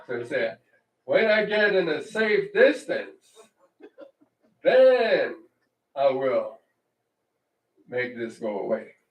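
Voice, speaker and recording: A man delivers a relaxed, conversational sermon at an unhurried, deliberate pace. He often checks in with his listeners and restarts his phrases as he thinks aloud. The voice sits back from the mic in a roomy, echoing congregation hall. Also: mid-range voice. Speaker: congregation teacher. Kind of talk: informal Torah-portion sermon. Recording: echoey room, distant mic.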